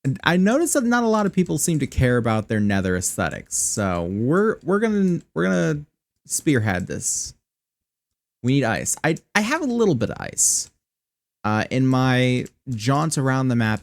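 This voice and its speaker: Wry man streaming with lively pitch. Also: normal speed, gravelly. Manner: chatty, wry, swears when annoyed. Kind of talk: casual gameplay commentary. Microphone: close desk mic through a voice changer app.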